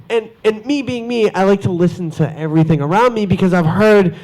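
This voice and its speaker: A high-pitched man speaks to a convention panel audience. He tells his stories with animated energy and slips into quoted voices along the way. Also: brisk. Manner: lively, jumps into quoted voices. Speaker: cosplayer panelist.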